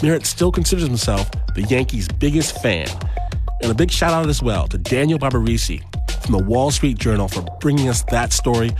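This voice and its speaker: Man hosting a radio show outro. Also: mid-range voice. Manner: friendly, announcing credits. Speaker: show host.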